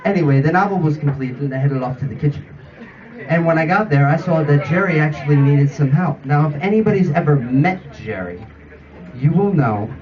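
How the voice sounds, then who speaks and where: A man's voice: a little high, a little fast. Man telling a profane roast story. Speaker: roast speaker. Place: comedy roast venue with audience. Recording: distant lo-fi room recording with loud crowd.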